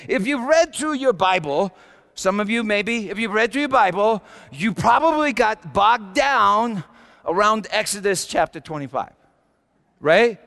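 A man's voice: expressive, a little slow, creaky, in a large hall, full character voice. A man playing a fiery, repentant Paul. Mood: chatty. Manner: swings from low murmurs to shouted peaks; stammering restarts and repeated words. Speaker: church speaker in character. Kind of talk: dramatic first-person sermon monologue.

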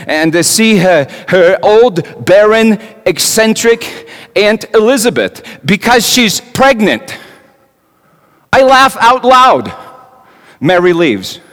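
An actor playing a young carpenter in a dramatic stage monologue, talking in a conversational way with wry asides and stammered repeats. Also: male voice, high voice, a bit bright, exaggerated voice. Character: Joseph the carpenter, young man, wry and anguished. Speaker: actor in a one-man monologue. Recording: long hall reverb.

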